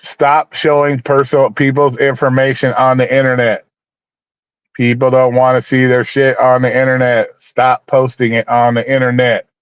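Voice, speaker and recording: His mid-range voice is smooth and completely flat, moving at a moderate pace with no room sound. As the host of a laid-back livestream, he rambles, repeats, greets viewers by name, and stays blunt and mock-preachy, sometimes swearing, in dull, dry lo-fi sound.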